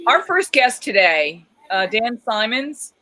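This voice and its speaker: A woman's voice: on the high side, big pitch swings, slow, bright, forceful tone, rough recording. A woman hosting a live talk show, chatting in a theatrical, enthusiastic way. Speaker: show host.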